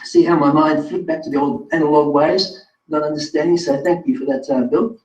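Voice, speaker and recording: A man's voice: a little high, fairly even intonation, brisk, darkish tone. A man presenting a live online webinar, talking straight to viewers in a chatty, self-correcting way. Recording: distant roomy lo-fi sound.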